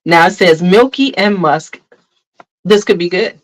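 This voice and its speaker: A woman's voice: fairly low pitch, unhurried, low-quality recording. Blunt, chatty woman reviewing perfume. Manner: blunt, frank, chatty, addresses viewers as "y'all". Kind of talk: casual fragrance review vlog.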